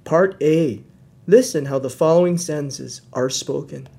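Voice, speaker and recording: A man narrating an English lesson recording, giving instructions in a measured, instructional way. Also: fairly high pitch, vocal fry, dark tone, breathy edge. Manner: slow, measured instructional delivery. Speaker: narrator of a language course.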